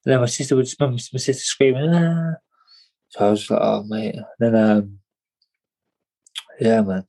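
A man's voice: lowish voice, steady tone, normal speed, gravelly, dark tone, rough recording. A young man, telling a story as an interview guest in a rambling, slangy way, often repeating his words. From England. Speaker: guest, boxer.

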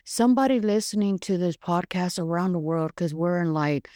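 A woman's voice: on the low side, normal speed, dark tone, no room sound, studio quality. Frank, chatty woman podcaster. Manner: frank, chatty, swears casually, many fillers. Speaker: podcast host. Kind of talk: casual devotional podcast monologue.

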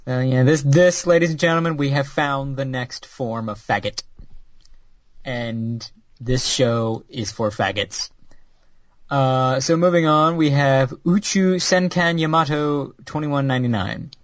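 A man's voice: medium pitch, unhurried, no room sound. Crude, sarcastic male podcast host. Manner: crude, sarcastic, rambling with restarts. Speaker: podcast host reviewing new anime. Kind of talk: casual podcast chat. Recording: dull lo-fi dry recording.

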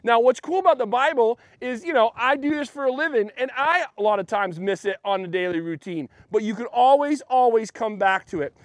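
A man's voice: very high voice, lively intonation, a little fast, few pauses, no room sound. A man preaching a casual sermon in a church, chatty and joking with the congregation. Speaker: pastor.

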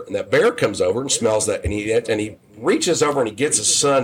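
A man in his fifties chats as a podcast guest, his voice sitting at an ordinary middle pitch. He wanders through long anecdotes, often restarting sentences and correcting himself mid-thought. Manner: rambling, with frequent restarts. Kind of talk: casual storytelling.

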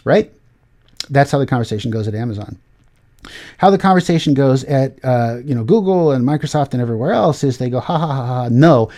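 Casting note: middle-aged male podcast host, mid-pitched voice, loose and rambling delivery with lots of fillers. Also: expressive, quick pace, warm tone. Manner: rambling, many fillers and restarts, acts out quoted voices. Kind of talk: casual tech commentary.

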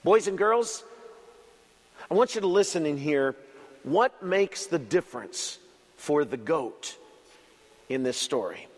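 A man preaching a children's sermon as an expressive storyteller who uses dramatic pauses. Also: a little high, in a large hall. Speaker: pastor.

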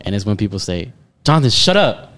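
Animated young man, joking podcast chat. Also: lowish voice, quick pace. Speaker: podcast co-host. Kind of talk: casual chat.

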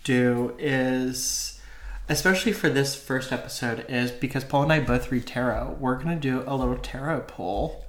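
A man co-hosts a relaxed podcast, chatting and joking along. His talk is loose and full of um fillers, in an everyday mid-range voice. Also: medium pitch, normal speed. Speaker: podcast co-host. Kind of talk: casual podcast chat.

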